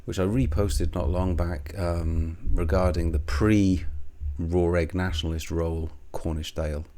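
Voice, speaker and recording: A man's voice: low voice, fairly even intonation, unhurried, warm tone. A man rambling sarcastically in a monologue, swearing freely and chuckling between jabs. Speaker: commentary video host.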